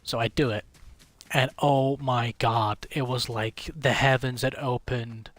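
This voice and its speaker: A man's voice: mid-range voice, fairly even intonation, measured pace. A man livestreaming a game late at night, telling a long rambling story in casual chat, swearing freely. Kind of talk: casual chat while gaming.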